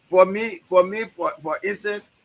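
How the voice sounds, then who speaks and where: Speaking with vocal fry in a high-pitched voice, a Liberian-accented male educator appears as a guest in a video-call interview and talks a little slowly. He is animated and conversational, repeating words as his arguments take shape, and the recording sounds rough.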